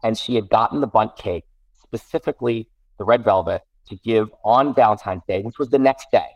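A man's voice: lowish voice, brisk, dry recording, highs cut off. A middle-aged man, a guest parent, telling a casual story with many restarts and self-corrections. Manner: rambling, self-correcting, animated.

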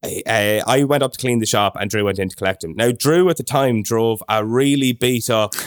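A man's voice: medium pitch, a little fast. Chatty young Irish man telling a story. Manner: chatty anecdotal storyteller, animated impressions of others. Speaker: podcast co-host. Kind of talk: casual chat, storytelling.

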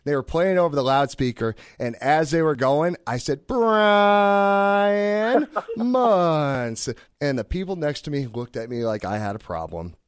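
A man's voice: medium pitch, animated, a little fast, few pauses, darkish tone, dry recording, clean studio sound. A man hosting a sports podcast, chatting in an easygoing, joking way. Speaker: podcast host. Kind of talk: casual podcast chat.

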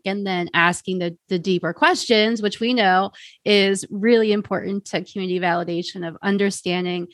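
A woman's voice: medium pitch, fairly even intonation, no room sound. Woman host in a dry room. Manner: measured, summarizing. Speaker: podcast host. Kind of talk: interview recap and questions.

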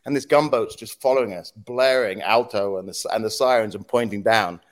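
This podcast guest, a former head of a news agency, recounts lively anecdotes in a relaxed storytelling interview. His pitch is fairly low and his pace a little fast, and he often laughs as he acts out quotes and sound effects.

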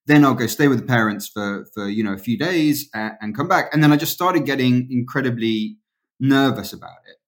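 A man's voice: medium pitch, a little fast. Male host, casual interview; wry, jokey, loose with swearing. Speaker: podcast host.

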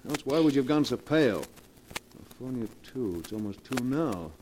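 An actor playing a worried husband who grows insistent and commanding in a 1940s radio drama. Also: male voice, medium pitch, lively intonation, moderate pace, mellow, slight background noise, natural voice, poor audio. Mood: demanding. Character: worried husband, stage actor, growing suspicious.

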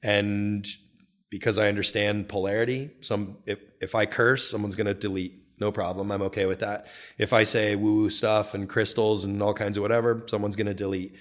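A man speaking candidly as an interview guest, earnest and animated, sometimes rising into excited bursts. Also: fairly low pitch, moderate pace. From United States. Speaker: guest, real estate brokerage founder.

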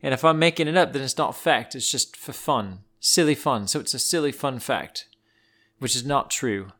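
A man hosting a children's podcast, telling silly animal facts in a playful, animated way and wandering off on tangents. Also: mid-range voice, normal speed. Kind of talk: playful storytelling for kids.

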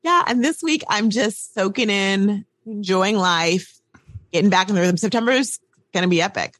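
A woman co-hosting a podcast, chatting in an animated, rambling way. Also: mid-range voice, moderate pace, no echo. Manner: animated, rambling, says y'all. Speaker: podcast co-host. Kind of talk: casual chat.

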